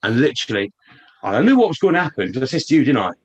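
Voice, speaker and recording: A man spins a long, winding tale in a casual mid-pitched voice. He swears freely, stumbles over his words and restarts his sentences. It sounds like an online live stream call. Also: big pitch swings, racing, husky, highs cut off. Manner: rambling, swears, many restarts. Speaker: guest. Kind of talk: casual storytelling.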